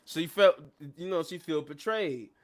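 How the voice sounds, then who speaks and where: A man hosting a live show, retelling events in a casual, animated recap and acting out the quotes. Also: fairly high pitch, measured pace.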